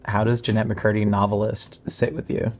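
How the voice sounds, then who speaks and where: A man hosting an interview, asking questions in a calm and measured way. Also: lowish voice. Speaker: host.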